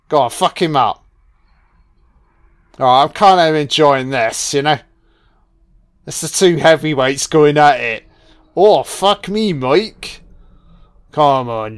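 A man's voice: medium pitch, clear, resonant tone. A man giving profane, sarcastic reaction commentary on a film.

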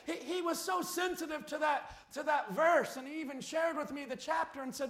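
A man preaching a fiery sermon as pastor, with rhetorical questions that build into shouts. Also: very high-pitched, moderate pace, few pauses. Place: church sanctuary. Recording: echoey church hall.

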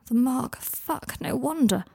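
Brief: woman reader as an emotional young wizard man, gravelly and dry. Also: high-pitched, lively intonation, slow pace, a little mellow, no echo, pitched above the performer's own voice, exaggerated voice. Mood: anxious.

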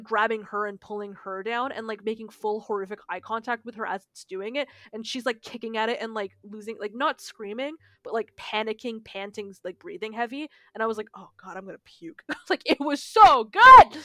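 Swearing, animated woman storyteller, bright tone. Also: a little high, brisk, no echo. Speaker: podcast co-host. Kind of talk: casual chat.

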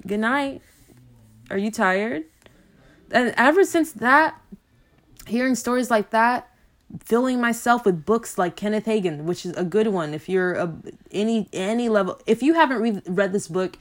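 A woman's voice: fairly high pitch, moderate pace. A woman minister telling stories in a rambling, chatty way with many fillers, turning preachy and emphatic. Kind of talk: casual faith talk.

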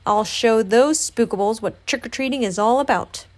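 A woman's voice: on the high side, normal speed, natural voice. A woman voicing a very small, anxious male piglet who stammers and frets in a storybook. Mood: determined. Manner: stammering, fretful.

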